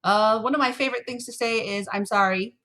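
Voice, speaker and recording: A woman's voice: fairly high pitch, fairly even intonation, fast talker, heavy background noise. Playful woman teaching a music lesson. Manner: playful, encouraging, chanting rhythm syllables. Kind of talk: remote music lesson for children. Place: home office.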